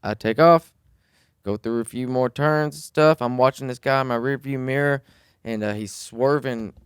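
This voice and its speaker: Animated man telling a story. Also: medium pitch, smooth, no echo, clean studio sound. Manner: animated storyteller, swears freely, acts out quoted voices. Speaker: podcast co-host. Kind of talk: casual storytelling chat.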